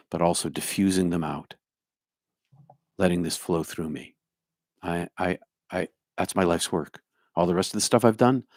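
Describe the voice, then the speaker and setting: A man's voice: deep voice, darkish tone, dry recording, studio quality. A middle-aged man with a New Jersey accent, a spiritual speaker answering his live chat by name, musing and humming to himself. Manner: musing, talks to viewers by name, hums to himself. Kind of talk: livestream chat reply.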